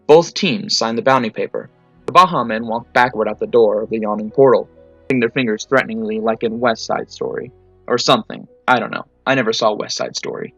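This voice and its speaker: A man narrating tabletop game stories in clipped, deadpan sentences at a mid pitch. The recording is slightly dull and muffled, with faint music running underneath. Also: brisk. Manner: matter-of-fact, clipped deadpan delivery. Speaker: narrator reading fan stories. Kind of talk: storytelling reading.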